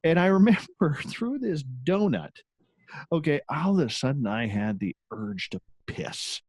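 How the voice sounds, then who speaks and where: A man tells a personal story in a relaxed, candid way, his pitch rising and falling freely as he goes. He talks like a radio host who is used to the mic. The sound is close and dry, with no room around it. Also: a little slow, husky, no echo. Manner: animated, candid, swears casually. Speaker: guest, radio show host. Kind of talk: casual storytelling in an interview.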